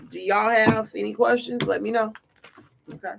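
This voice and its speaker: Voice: mid-range voice, moderate pace, gravelly. A tarot reader hosting a casual livestream, talking in a blunt, slangy, scolding way. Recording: noisy livestream audio.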